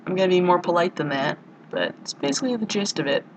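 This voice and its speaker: A woman's voice: fairly low pitch, expressive, quick pace, slight background noise, rough recording. Rambling crude young woman vlogging. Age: young adult. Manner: rambling, crude and self-mocking, full of "like" and "you know". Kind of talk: casual vlog monologue. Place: college dorm room.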